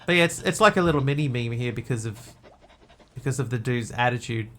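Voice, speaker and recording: A man from New Zealand talks easily to his stream audience as he plays, in a mid-pitched voice. His talk rambles, loops back and restarts mid-sentence. A faint hiss and soft clicks sit under him. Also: fairly quick. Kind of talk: casual live-stream chat while gaming.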